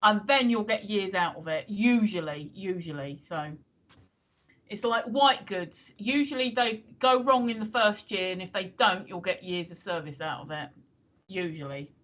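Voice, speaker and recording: A woman's voice: mid-range voice, lively intonation, moderate pace, fairly bright tone. A woman in her fifties or sixties, co-hosting a livestream in a chatty way, reacting to the others and reading out viewer comments. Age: 50s-60s. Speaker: livestream co-host. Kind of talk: casual chat.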